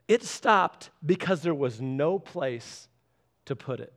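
A man in his thirties preaching a sermon, animated and acting out little voices as he speaks. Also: takes it slowly. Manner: animated, acts out voices with big pitch jumps. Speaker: pastor.

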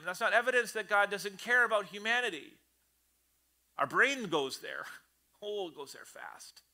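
A man preaching a sermon to his church congregation in an animated, conversational way, often acting out the voices he quotes. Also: high voice, normal speed. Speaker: pastor. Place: church service before a congregation.

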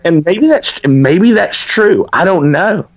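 A man's voice: high-pitched, measured pace. A man rambling, Southern, lo-fi. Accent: Southern American. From American South. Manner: animated, rambling, frequent restarts. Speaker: writer, podcast co-host. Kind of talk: casual conversation.

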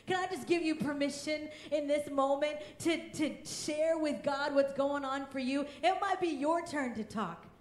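Fervent high-voiced woman preaching in a roomy church. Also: a little slow, hardly any pauses. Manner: emphatic and fervent, often raising her voice. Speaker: pastor. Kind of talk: sermon.

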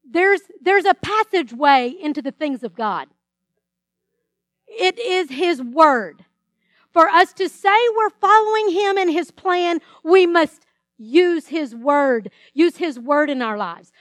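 Female pastor, middle-aged, high voice, emphatic sermon delivery, dry recording. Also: animated, slow pace, no room sound. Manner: preaching with dramatic quoted voices and emphatic scripture reading.

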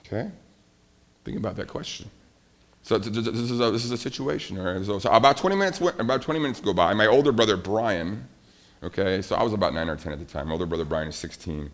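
A middle-aged male pastor delivers a sermon in a slightly low voice. He tells a story with animated energy and speaks straight to the children in the room. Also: quick pace. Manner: animated storytelling, addresses kids directly.

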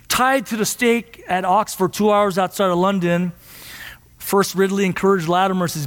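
A man preaching a sermon in a church, impassioned and at times rising to near shouts. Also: high voice, normal speed, long reverb tail. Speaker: pastor.

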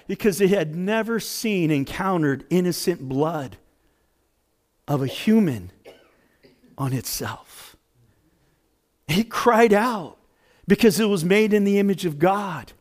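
A man preaching a sermon as pastor, dramatic, swinging between loud emphasis and hushed lines. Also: high voice.

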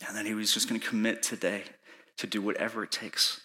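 Man, pastor, sermon storytelling, bright tone, urgent then hushed delivery. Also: on the low side, little pitch movement, fast talker. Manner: urgent pleading, rising to shouting in reenacted moments; soft and hushed when recounting prayer.

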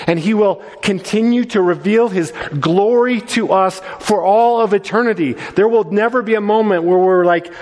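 A man preaching a sermon with slides, earnest, often restarting and repeating words. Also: sits high. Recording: long reverb of a large hall.

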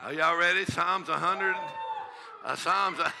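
A man's voice: a little high, a little slow, creaky, heavy background noise. A male pastor with a drawl preaching a charismatic sermon in a church, laughing and whooping often. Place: church sanctuary with congregation.

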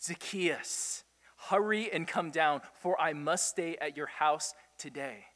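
A man acting out a gentle teacher's invitation, spoken softly in a high voice. The words are calm and personal, never raised. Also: slow, in a large hall.

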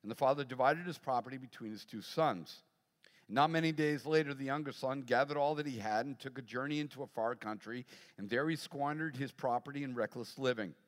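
A middle-aged man, a pastor, preaching a sermon and telling a personal story, animated and acting out voices. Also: medium pitch, brisk. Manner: animated storyteller, acts out voices, laughs often. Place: large church hall. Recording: long hall reverb.

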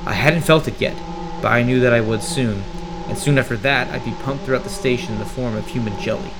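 A man's voice: mid-range voice, fairly quick. A man narrating a first-person horror story in a tense, dramatic way. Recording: narration over clear music. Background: music.

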